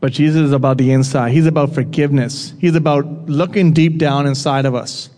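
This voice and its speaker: A man delivering a sermon with a slightly raised pitch, talking to the room as if chatting with it. He puts questions to the crowd and teases them now and then. His voice rings out with a long reverb, as in a large hall. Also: fairly even intonation, a little fast, darkish tone. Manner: conversational, asks the audience questions and jokes with them. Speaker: preacher.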